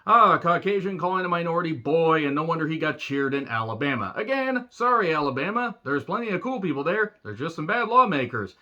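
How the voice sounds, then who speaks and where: A man in a casual video review of a wrestling show, his voice bright and forceful. He rambles, jokes and curses freely, often drifting into asides before pulling himself back. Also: fairly high pitch, lively intonation, fast, hardly any pauses, muffled recording. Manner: rambling, jokey, swears freely, goes off on tangents.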